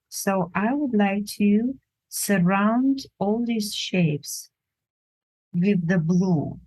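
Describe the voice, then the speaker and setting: Slow, halting woman art teacher. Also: fairly low pitch, mellow, rough recording. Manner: halting, searching for words; unhurried, thinking aloud while drawing. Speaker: art instructor. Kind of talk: drawing demonstration lesson.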